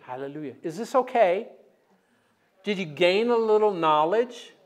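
A man's voice: sits high, expressive, a little slow. A man preaching a sermon in a church, telling stories and leading the congregation in call-and-response. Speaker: guest preacher. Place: church sanctuary.

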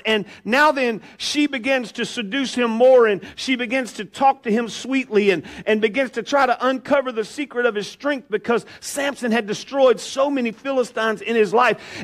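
A male pastor, preaching a sermon in church with animated storytelling and jokes for the congregation. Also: extremely high pitch. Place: church sanctuary.

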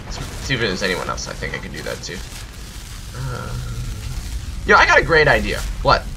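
Animated goofy man narrating gameplay. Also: mid-range voice, vocal fry, music in the background. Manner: goofy, rambling, quick outbursts. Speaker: gameplay commentator. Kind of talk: casual let's play commentary.

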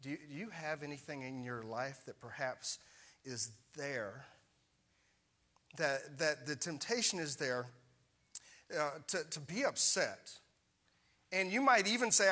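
A man's voice: fairly high pitch, lively intonation, unhurried, long pauses, pushed and bright. A middle-aged male pastor preaching a sermon, telling a personal story in a conversational way and asking the congregation questions.

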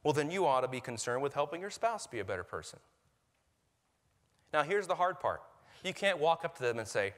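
A pastor delivers a sermon in a lively, conversational way, breaking into quoted voices along the way. His voice sits a little high for a man. The sanctuary adds a long, ringing reverb. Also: brisk, pauses often. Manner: animated preaching, acts out quoted voices, laughs at own jokes. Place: church sanctuary. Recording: reverberant church hall.

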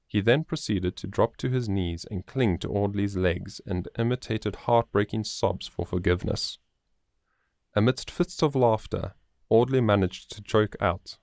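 Man reading a story aloud, lowish voice, super dry close mic, steady pace. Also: normal speed, dry recording. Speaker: audiobook narrator. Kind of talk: scripted storybook narration.

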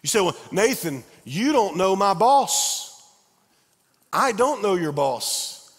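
Middle-aged male pastor, animated sermon delivery with acted-out dialogue, slightly high voice, echoing church hall. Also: slow, slightly rough. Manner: animated storytelling, acting out dialogue. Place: large church sanctuary.

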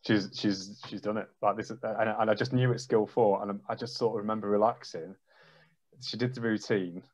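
A man's voice: on the low side, steady tone, fairly quick, a little mellow. A man, a trampoline coach, telling an emotional story on a video call and acting out his own reactions. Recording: dull lo-fi video call audio.

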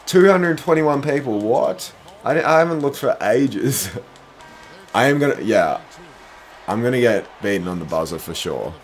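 A young man streaming a basketball video game, commenting live, groaning at his own mistakes and bursting into shouts. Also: mid-range voice, measured pace, faint music behind. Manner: excitable, groaning, self-deprecating, bursts into shouts. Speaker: gaming streamer.

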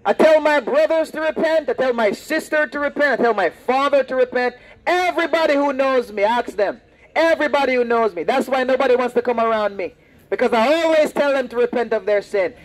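A man preaching loudly and confrontationally on the street, repeating his lines. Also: very high-pitched, poor audio. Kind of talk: open-air street preaching. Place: outdoors on a street.

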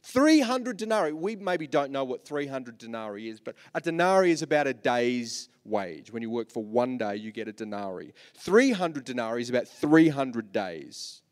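Lively Australian man preaching in a hall. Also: medium pitch, moderate pace, hardly any pauses. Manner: animated preaching, swinging from soft to loud with repetitions. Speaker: pastor. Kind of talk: sermon. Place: large church hall. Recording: long reverb of a church hall.

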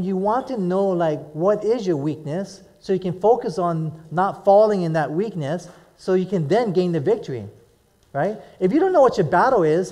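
A middle-aged pastor from Hawaii, his voice high-pitched with a dark tone, preaches a sermon in a casual, conversational way. He often puts questions to his listeners.

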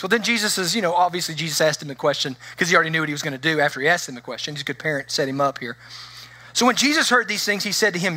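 A man's voice: high-pitched, rapid-fire, bright, forceful tone, no room sound. A man preaching a conversational sermon as pastor, often acting out the voices of the people he quotes.

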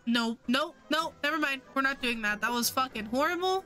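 A woman's voice: high-pitched, a little fast, sharp tone, soft background music. A woman streamer chatting casually and self-mockingly over a game she plays. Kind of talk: casual let's-play commentary.

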